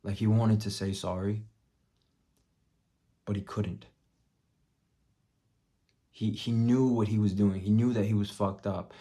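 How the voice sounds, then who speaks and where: Young guy with a deep dark voice, cursing a lot while he tells a story, pretty monotone. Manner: profane, blunt, drops to a muttered hush for quoted thoughts. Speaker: vlogger. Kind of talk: casual storytelling vlog.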